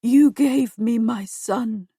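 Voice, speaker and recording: A woman voicing a frightened, self-pitying dying old king who pleads slowly and stammers. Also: on the high side, dark tone, breathy edge, no echo, studio quality, heavily acted. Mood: pleading.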